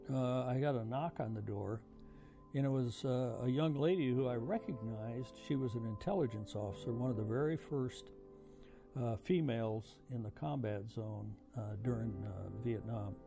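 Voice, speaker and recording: An older veteran with a gravelly, creaky voice tells his story slowly and reflectively. He pauses often with "uh" fillers as he recalls events. Music plays clearly beneath his voice. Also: medium pitch. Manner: halting, reflective, frequent uh fillers. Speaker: veteran recounting memories. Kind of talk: oral history storytelling. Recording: music playing under voice.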